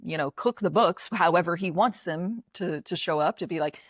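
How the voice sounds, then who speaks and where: A woman's voice: lowish voice, moderate pace, no room sound, clean studio sound. An American woman co-hosting a podcast, talking bluntly about politics and swearing freely. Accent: American English. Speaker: podcast co-host. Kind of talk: casual political chat.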